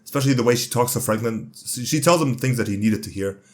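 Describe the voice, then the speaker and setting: A young man giving a casual, slangy, excited review of a TV show, rambling as he goes. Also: mid-range voice, fast talker.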